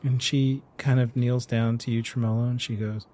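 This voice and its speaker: A man narrating a tabletop game as game master, describing scenes in an unhurried way. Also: mid-range voice, level tone, warm tone.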